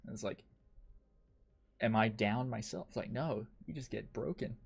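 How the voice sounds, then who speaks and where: A man's voice: medium pitch, moderate pace, vocal fry, husky. A man streaming a game, ranting in frustration and swearing a lot as he comments on his play. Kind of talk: live gameplay commentary.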